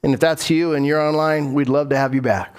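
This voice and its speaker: A man's voice: a little high, fairly even intonation, brisk, smooth. Repetitive preaching male pastor. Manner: repeats key phrases for emphasis, asks the congregation questions. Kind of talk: sermon.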